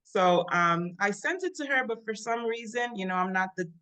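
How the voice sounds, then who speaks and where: A woman's voice: mid-range voice, expressive, moderate pace, sharp tone. A woman co-hosting a casual podcast over a video call, speaking in a heartfelt way with many "you know"s. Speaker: podcast co-host.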